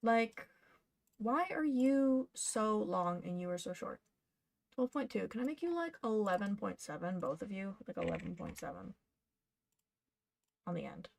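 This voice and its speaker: A woman's voice: mid-range voice, very animated, measured pace, creaky, pauses often, a little mellow. A woman streaming her cosplay patterning work, chatting casually and muttering to herself as she works. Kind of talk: casual live-stream chat while working.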